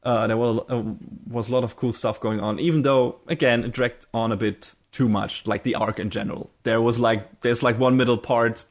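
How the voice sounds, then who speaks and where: A man's voice: medium pitch, steady tone, normal speed, hardly any pauses. A young man co-hosting a podcast, talking in a loose casual chat. He rambles through his thoughts with plenty of fillers and drops casual swear words along the way. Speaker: podcast co-host.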